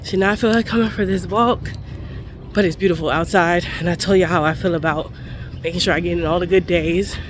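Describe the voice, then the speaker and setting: A woman's voice: on the low side, fairly even intonation, fairly quick. A woman in her forties, congested and breathing heavily, chatting casually to her viewers while out on a walk. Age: 40s. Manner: chatty, addresses viewers as y'all. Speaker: budgeting vlogger. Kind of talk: casual vlog chat. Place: outdoors on a walk near traffic. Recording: outdoor street and traffic noise.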